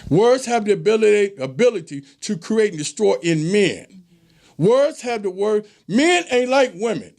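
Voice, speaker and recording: Man, host; high, gravelly voice; emphatic, preachy monologue. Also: expressive, normal speed, a little mellow. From American South. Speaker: show host. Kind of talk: casual monologue.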